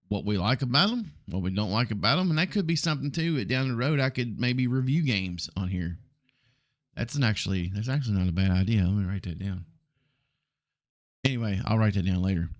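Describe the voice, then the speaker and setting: A man in his forties with a Southern US accent hosts a casual solo podcast, rambling bluntly with lots of ums and the occasional mild curse. His voice is fairly low, his intonation lively, and his pace normal.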